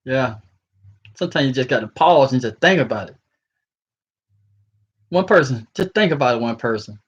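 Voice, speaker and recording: A man's voice: mid-range voice, lively intonation, normal speed, husky. A sleepy man rambling casually to his viewers from home, chuckling often and talking in slang. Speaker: vlogger. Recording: muffled lo-fi recording.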